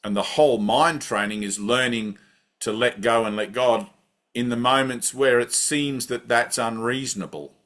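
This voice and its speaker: A man of medium pitch and moderate pace, his tone fairly bright, gives a satsang talk as a spiritual teacher. He guides breathing conversationally, checking in with "right?" over and over.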